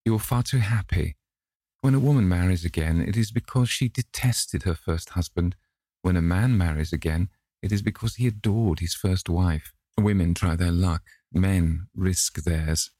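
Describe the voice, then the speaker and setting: A man voicing a witty, cynical aristocratic gentleman in an audiobook, drawling his epigrams. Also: deep voice, normal speed, dry recording, studio quality. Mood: amused. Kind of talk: audiobook character reading.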